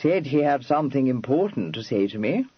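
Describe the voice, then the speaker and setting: A man voicing an amiable young Regency gentleman in an audiobook, drawling in clipped, slangy phrases with unhurried patience. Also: mid-range voice, very animated, slightly rough, no room sound, dull audio. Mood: startled.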